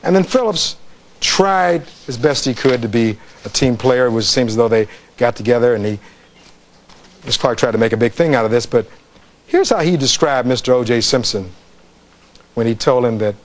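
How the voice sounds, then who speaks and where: A man's voice: mid-range voice, moderate pace, long pauses. A man, a defense attorney, giving a closing argument in a courtroom, reading testimony aloud and putting rhetorical questions to the jury.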